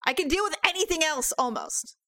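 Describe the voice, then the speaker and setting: A woman with a high, bright-pitched voice chats casually on a podcast. She rambles through stories, laughs easily and swears freely. The sound is dry and close. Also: expressive, a little fast, dry recording. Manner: chatty, laughs often, swears. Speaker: podcast co-host. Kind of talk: casual chat.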